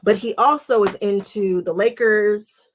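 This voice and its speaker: A woman's voice: medium pitch, measured pace, a little hiss or hum. Chatty laughing woman crafting live. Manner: chatty, laughs often, rambling tangents. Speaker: quilting channel host. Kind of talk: casual live-stream chat while cutting fabric. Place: home sewing space.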